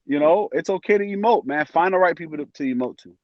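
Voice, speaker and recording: A man talks casually as a podcast guest, animated and quick to act out his friends' voices. His voice sits a bit high. The sound is dry and slightly muffled. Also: dry recording. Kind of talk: casual chat.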